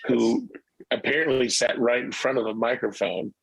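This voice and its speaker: A man's voice: mid-range voice, moderate pace, gravelly, breathy edge, dry recording, poor audio. A middle-aged male musician telling stories in a casual interview, rambling with many restarts. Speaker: musician guest.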